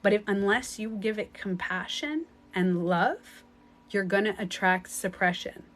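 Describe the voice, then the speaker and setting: A woman talks straight to her viewers as a spiritual coach. Her voice sits in an ordinary middle pitch. She is emphatic and blunt, swears casually and circles back over her points. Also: measured pace. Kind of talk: casual motivational talk to viewers.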